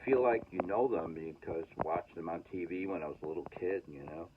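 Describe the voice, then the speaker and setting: A man's voice: low-pitched, fairly quick. A man from New England rambling in a casual self-mocking monologue, with many hesitant fillers. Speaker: vlogger. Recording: tinny, lo-fi, noisy.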